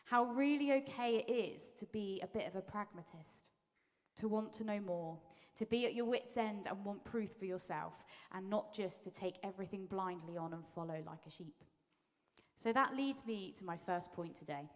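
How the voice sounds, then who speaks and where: A woman preacher giving a conversational sermon, telling the story lively and acting out what people say. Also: mid-range voice, moderate pace. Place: church hall. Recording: long reverb of a large hall.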